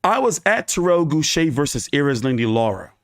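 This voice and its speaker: A man's voice: on the high side, very animated, a little fast. A man hosting a boxing channel, ranting live with emphatic, profane repetition. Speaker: boxing YouTube host. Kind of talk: live boxing commentary rant.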